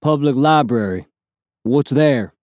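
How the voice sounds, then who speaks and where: A man's voice: medium pitch, lively intonation, slow pace, darkish tone, dry recording, studio quality. A man reading an audiobook, voicing a guarded male city lookout with a mild Southern accent.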